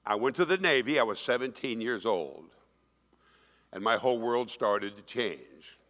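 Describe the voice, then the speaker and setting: A man's voice: mid-range voice, moderate pace. A man in his sixties giving an emphatic keynote speech, telling stories to an audience in a conference hall. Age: 60s. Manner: animated, emphatic storytelling, acts out quoted voices. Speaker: keynote speaker. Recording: long reverb of a large hall.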